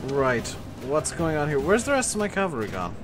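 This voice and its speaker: A man streaming a strategy game live, barking orders and swearing at his units. His voice sits fairly high, with game music playing under him. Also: huge pitch swings, fairly quick. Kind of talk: live gameplay commentary.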